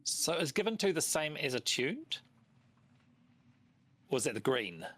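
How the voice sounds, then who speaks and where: A man's voice: fairly high pitch, big pitch swings, unhurried, a bit bright. A man playing in a tabletop game, asking questions and thinking aloud in a hesitant, casual way. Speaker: player.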